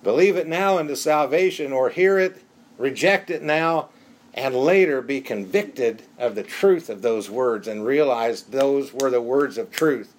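A man's voice: mid-range voice, a little slow. Earnest male pastor preaching. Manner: earnest, pleading emphasis with rhetorical questions. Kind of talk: sermon.

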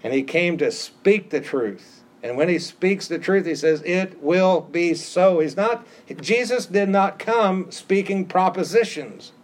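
A man preaches a sermon with a slightly raised pitch. He stresses his points by repeating key phrases. Now and then he drops into casual asides to his listeners. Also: animated, measured pace, hardly any pauses. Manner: conversational asides. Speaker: pastor.

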